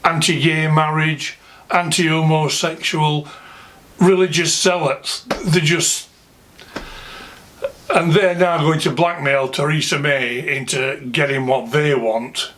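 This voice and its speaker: A man's voice: a little high, steady tone, slow, fairly bright tone, slight background noise. A man with a Yorkshire accent ranting to camera, angry, indignant and scornful. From England. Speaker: vlogger. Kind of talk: political rant to camera.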